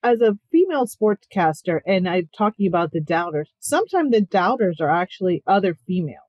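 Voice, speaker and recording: A woman's voice: lowish voice, big pitch swings, fairly quick, no room sound, dull audio. A woman hosting a podcast interview, reflective and thinking aloud with frequent fillers. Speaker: podcast host. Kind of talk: conversational interview.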